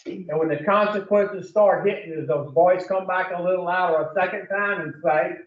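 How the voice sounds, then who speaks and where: A man's voice: high-pitched, normal speed. A man leading an addiction recovery group in a preaching style, blunt and profane, firing questions at his listeners. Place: room with a group. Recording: echoey room, distant muffled mic.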